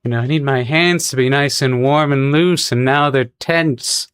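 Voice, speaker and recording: A man's voice: mid-range voice, moderate pace, a bit bright, smooth, dry recording. A man chatting casually with his viewers on a livestream while he draws, rambling and laughing often. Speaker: streamer.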